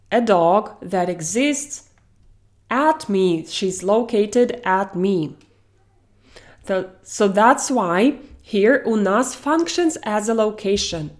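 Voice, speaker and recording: Slow, careful woman teaching a language. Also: mid-range voice. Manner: slow, careful explaining with example sentences. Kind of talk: online language lesson.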